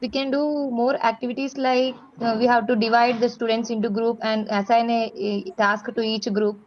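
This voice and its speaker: A woman's voice: on the high side, little pitch movement, moderate pace, a little hiss or hum. Polite woman on a muffled call. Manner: polite, formal, says sir often. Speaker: schoolteacher. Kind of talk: answering questions in a training session.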